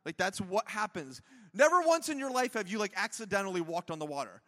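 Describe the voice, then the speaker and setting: A man's voice: high voice, sing-song, fairly quick, fairly bright tone, in a large hall. A man preaching a conversational sermon to his church, chatty and self-deprecating, with lots of jokes and asides. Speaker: pastor. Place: church auditorium.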